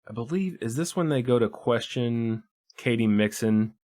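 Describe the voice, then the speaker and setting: This movie podcast co-host has a mid-range voice with a darkish tone, speaking at normal speed with lively intonation. His casual film-review chat is easygoing and profane, and he often restarts what he's saying.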